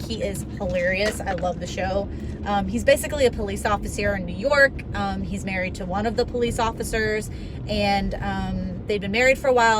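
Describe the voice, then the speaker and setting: Chatty young woman vlogging from a car. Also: medium pitch. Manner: chatty, rambling, earnest. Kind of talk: casual talking-to-camera vlog. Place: in a car on the road. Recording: car recording with road noise. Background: road and car noise.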